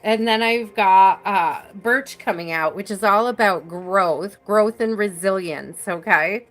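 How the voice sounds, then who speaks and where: A woman giving a live-stream tarot reading, speaking slowly and softly with many fillers, over soft background music. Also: mid-range voice. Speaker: tarot reader.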